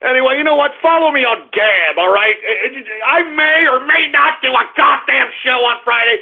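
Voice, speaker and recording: A furious squeaky gravelly ranter. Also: male voice, normal speed, exaggerated voice. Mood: fed up. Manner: shouting, cursing, exasperated ranting. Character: furious squeaky-voiced man ranting at his audience. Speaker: radio show host. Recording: tinny phone-line radio stream.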